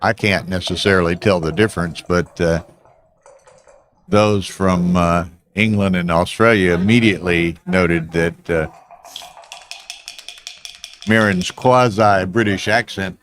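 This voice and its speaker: A man co-commentating on a backgammon match, giving measured, dry analysis of the moves. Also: low voice, steady tone, fairly bright tone.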